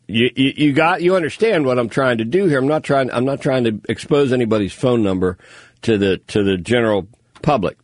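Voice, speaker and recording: Male call-in radio host, animated chatty storyteller, dry studio sound. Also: lowish voice, no echo. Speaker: radio talk show host. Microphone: studio microphone.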